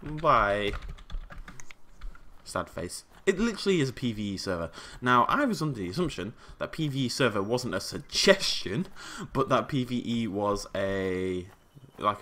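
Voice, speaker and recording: A man's voice: lowish voice, sing-song, moderate pace. Chatty man narrating gameplay. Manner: chatty, jokey, yells when startled. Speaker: gaming YouTuber. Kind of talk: casual gameplay commentary.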